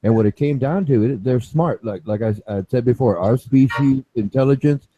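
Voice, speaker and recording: A man's voice: medium pitch, normal speed, dark tone, highs cut off. A man explaining his view at length in a group chat, lecturing and repeating himself, checking in with "okay?" and "right?".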